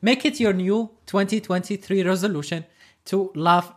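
A man's voice: high voice, normal speed. A man hosting a reaction video, giving snarky, joking commentary between clips. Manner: snarky, joking asides, laughs often. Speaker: reaction channel host.

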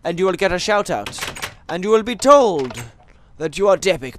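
Young-sounding male let's-play host, slightly high voice with lively swings, rambling, playful, chatty to his viewers. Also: moderate pace, slight background noise. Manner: rambling, jokey, goes off on tangents; talks to viewers and animals in game. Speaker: gaming channel host. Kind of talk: Minecraft let's play commentary.

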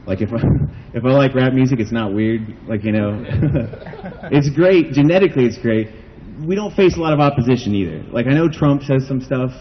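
A man's voice: mid-range voice, normal speed, muffled recording. A man from the United States doing a stand-up comedy set at an outdoor backyard show, rambling and self-deprecating, saying "like" a lot.

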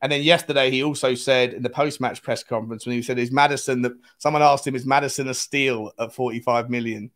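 A man's voice: mid-range voice, fairly even intonation, fast talker, few pauses, fairly bright tone. A man, hosting a casual live fan stream, chatting and greeting viewers by name as he reads the chat aloud.

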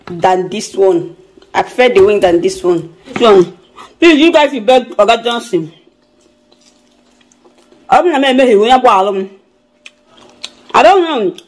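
A woman's voice: on the high side, animated, measured pace, pauses often, darkish tone, low-quality recording. A Nigerian woman chatting casually to her viewers in a home vlog, fretful and repeating herself. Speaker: vlogger.

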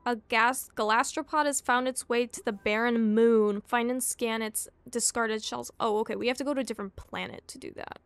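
A young woman streaming a co-op game, chatting casually in a bubbly, giggly, excitable way. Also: a little high, moderate pace, hardly any pauses, clean tone, no room sound. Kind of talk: casual let's play chat.

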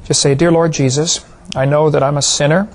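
Man, preacher, folksy, jokes with the crowd, evangelistic sermon, fairly high voice. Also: fairly even intonation, brisk. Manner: folksy, joking with the audience. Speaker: creationist preacher.

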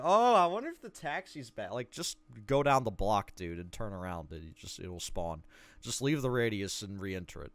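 A man's voice: medium pitch, expressive, fairly quick, a bit bright, dry recording. A man playing through a game and reading a walkthrough guide aloud, breaking off for joking asides. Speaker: gaming video creator. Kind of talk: let's play commentary.

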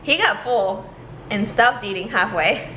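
A woman's voice: mid-range voice, expressive, unhurried, bright, forceful tone, slight background noise. A young woman chatting casually in a vlog, often out of breath and laughing as she talks. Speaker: vlogger. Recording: roomy echo.

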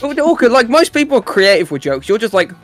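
A man's voice: very high voice, sing-song, quick pace, fairly bright tone, soft background music. A man with a British accent making dry, sarcastic remarks to teammates during an online game. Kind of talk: casual gaming banter.

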